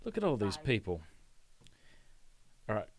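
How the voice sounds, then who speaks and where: A man's voice: lowish voice, sing-song, a little slow. A man hosting a casual live stream from his home office, joking and reading viewer comments aloud. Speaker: livestream host.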